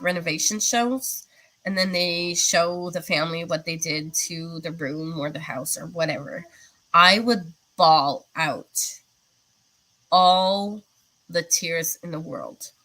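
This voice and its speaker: Casual woman host for a live stream, relaxed and unhurried, chatty and rambling with lots of fillers, slightly low voice. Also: low-quality recording. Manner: replies to viewer comments as she goes. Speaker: livestream host chatting with viewers.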